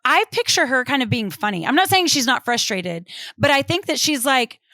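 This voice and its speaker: A woman's voice: high-pitched, big pitch swings, moderate pace, sharp tone, no echo, clean studio sound. A middle-aged woman guesting on a podcast, chatting in a playful way and acting out little quotes. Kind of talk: casual chat.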